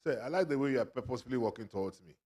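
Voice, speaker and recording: A man's voice: medium pitch, expressive, very fast, a little mellow, breathy edge. Man, jovial auctioneer, teasing banter, laughs often, event hall. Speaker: auctioneer at a book launch. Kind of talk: lively fundraising banter.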